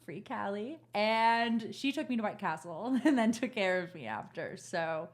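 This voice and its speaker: A woman's voice: mid-range voice, big pitch swings, unhurried. A young woman co-hosting a podcast, telling a personal story in a frank, profane, laughing casual chat. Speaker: podcast co-host.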